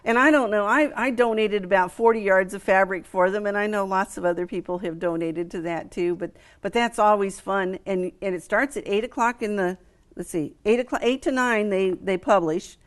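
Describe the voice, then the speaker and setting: Chatty middle-aged American woman, mid pitch. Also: moderate pace. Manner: chatty, enthusiastic, with frequent fillers and restarts. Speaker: quilt show executive director. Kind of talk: relaxed interview chat.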